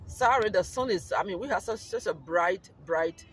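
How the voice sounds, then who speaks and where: High-voiced Liberian man vlogging from his car. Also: normal speed, a bit bright, slight background noise, low-quality recording. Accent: Liberian English mixed with American. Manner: earnest, rambling, full of "you know" fillers. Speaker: YouTube vlogger. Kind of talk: casual vlog talk while driving. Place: in a car on a windy, sunny summer day.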